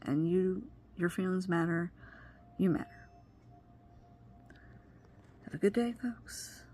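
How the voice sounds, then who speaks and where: Earnest lower-voiced woman vlogger. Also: slow pace, dark tone. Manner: earnest, reflective, advice-giving; wandering, loses train of thought. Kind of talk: personal vlog monologue.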